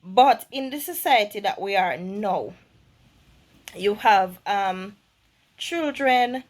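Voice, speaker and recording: A middle-aged woman vlogger giving earnest, measured commentary to camera, with small restarts. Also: mid-range voice, expressive.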